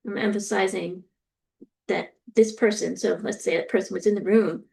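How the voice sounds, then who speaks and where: A woman lecturer explaining a topic step by step, often pausing with ums and acting out example sentences. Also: mid-range voice, fairly even intonation, creaky, darkish tone. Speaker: university lecturer. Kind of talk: recorded lecture.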